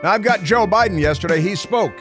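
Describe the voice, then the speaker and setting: A man's voice: sits high, expressive, fairly quick, music in the background. A man hosting a talk radio show, commenting in a sarcastic, mocking way with frequent restarts.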